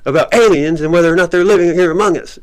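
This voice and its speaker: Man doing an odd young woman, high, playful puppy voice; keep it light. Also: fast talker, a little mellow, clean tone, lightly acted. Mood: scolding. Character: strange young woman, playful, suddenly wise.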